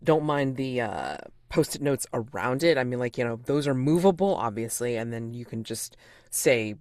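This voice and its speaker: A chatty man explaining a tabletop game's setup, full of "you know" and "like". His voice is mid-pitched and sounds dry and close. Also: expressive, moderate pace, darkish tone, no room sound. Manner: chatty, filler-heavy, reassuring. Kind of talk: casual explaining.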